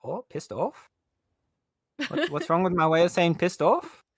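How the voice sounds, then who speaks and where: A speaker with a South African accent and Afrikaans background, chatting excitably and laughing on a gaming stream. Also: medium pitch, measured pace, dry recording, clean studio sound. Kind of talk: casual chat.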